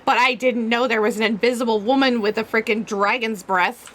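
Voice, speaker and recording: A woman's voice: fairly high pitch, fairly even intonation, a little fast, slight background noise. A woman playing a tabletop game, playful and joking, laughing often. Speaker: player.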